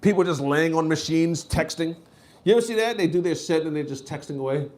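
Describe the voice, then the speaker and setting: On stage doing stand-up, the man moves briskly, bellowing his characters in high voices and mumbling low in the gaps between bits.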